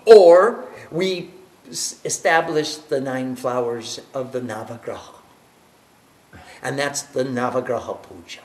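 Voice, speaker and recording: A man teaching a devotional class as a spiritual teacher, animated and emphatic, laughing as he tells stories. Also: mid-range voice, slow. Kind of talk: devotional class lecture with storytelling.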